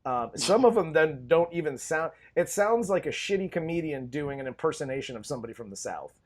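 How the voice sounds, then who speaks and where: Enthusiastic man with a higher voice. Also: expressive, a little fast. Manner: enthusiastic, laughing, profane. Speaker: podcast co-host. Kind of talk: casual movie review chat.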